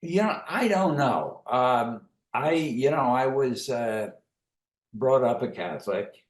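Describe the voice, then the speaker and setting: A man, an author, reflecting thoughtfully in an interview, halting with many pauses. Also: medium pitch, expressive, reverberant. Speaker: author guest.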